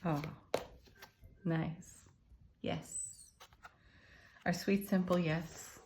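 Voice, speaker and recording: A woman giving a relaxed spiritual tarot reading, encouraging and gentle, with soft laughs and murmured asides. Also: on the low side, very slow. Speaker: tarot card reader and channel host. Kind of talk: unscripted spiritual card reading.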